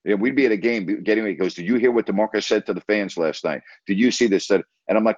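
A man's voice: fairly low pitch, fast, hardly any pauses, a little mellow, no room sound. A man and former team broadcaster telling a story in a casual interview, talking emphatically and retelling conversations line by line. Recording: dry, slightly dull audio.

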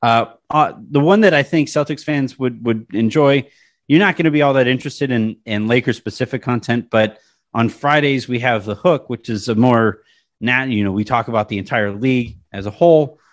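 A man's voice: medium pitch, normal speed. A man who writes about sports, a guest on a casual podcast, rambling with lots of restarts. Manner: rambling, many restarts, animated storytelling.

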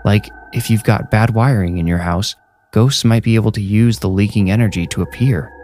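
Timid jittery young guy, read by a man, deep voice, faint music under it. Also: moderate pace, dark tone, natural voice. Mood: anxious. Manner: anxious, hesitant, whispering.

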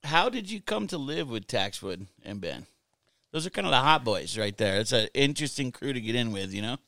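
A male co-host with a mid-pitched, smooth, resonant voice trades laid-back jokes. He sounds close and dry. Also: very animated, fairly quick, pushed and bright, no room sound. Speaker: podcast co-host. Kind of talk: casual podcast banter.

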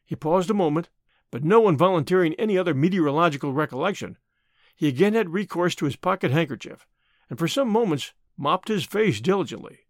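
A man narrating a classic short story in an expressive storytelling manner. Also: a little high, brisk, dry recording, studio quality.

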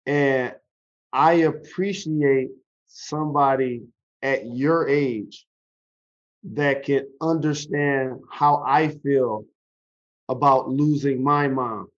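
A man's voice: mid-range voice, fairly even intonation, dull audio. A man hosting a podcast interview, asking questions and speaking earnestly about his own losses. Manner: slow, deliberate, earnest. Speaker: podcast host, former pro athlete. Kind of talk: interview questions and personal reflection.

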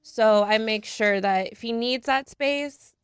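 A woman's voice: on the high side, slow, smooth, no room sound, clean studio sound. A woman and mother on a podcast, speaking earnestly and reflectively in casual chat.

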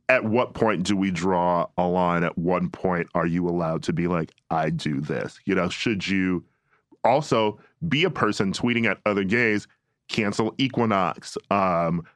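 A man's voice: sits low, normal speed, dry recording, clean studio sound. A man co-hosting a podcast, chatting casually with jokes and laughter and reading sponsor ads. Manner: laughs often, animated and joking. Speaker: podcast co-host. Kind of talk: casual chat and read ads.

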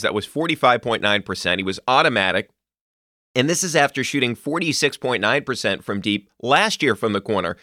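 A man hosting a sports podcast, ranting in an animated, emphatic way with occasional swearing. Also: medium pitch, no echo, clean studio sound. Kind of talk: solo sports commentary.

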